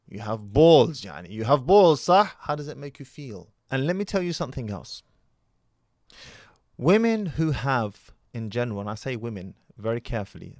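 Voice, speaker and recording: A man's voice: medium pitch, no room sound. Emphatic lecturing man, dry close sound. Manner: lecturing, emphatic, fond of rhetorical questions; scattered Arabic words in his speech. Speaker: online commentator. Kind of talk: opinionated commentary vlog.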